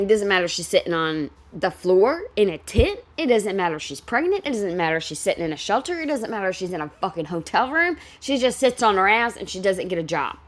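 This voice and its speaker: Blunt, profanity-heavy woman ranting. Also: mid-range voice. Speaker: reaction video host. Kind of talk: commentary reacting to a reality show clip.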